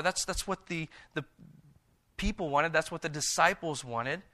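Bright-voiced male preacher. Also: a little high. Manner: reads scripture in a slow, hushed voice and paraphrases in a lively, animated one. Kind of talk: sermon retelling scripture.

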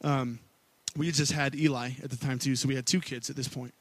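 A man in his thirties, a worship pastor, telling a personal story in a sermon with candid, conversational delivery that swings between loud pleading and quiet asides. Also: fairly even intonation, fairly quick, dry recording. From Missouri. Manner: candid storytelling, rising to loud pleading then dropping low.

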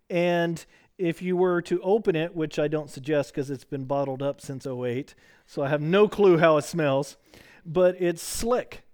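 A man's voice: on the high side, darkish tone, clear, resonant tone. A middle-aged man teaching a casual weeknight Bible study, chatty and rambling, joking with the group and full of fillers and restarts. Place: church classroom.

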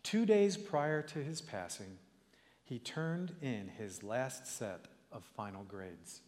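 A male preacher giving a sermon in a church, telling stories in an earnest, measured way and building to rising calls to his listeners. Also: medium pitch, lively intonation, a little mellow, big-room sound.

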